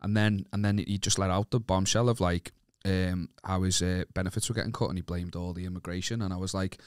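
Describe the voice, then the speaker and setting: A man's voice: low voice, steady tone, fairly quick, clean tone, no room sound, clean studio sound. A man from the north of England co-hosting a casual podcast, telling stories with lots of swearing and laughter. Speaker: podcast co-host.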